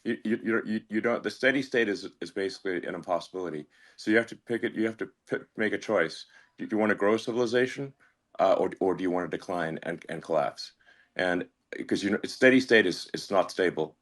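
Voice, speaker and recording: A man as a guest in a casual conversation, halting and stammering through many restarts. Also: sits low.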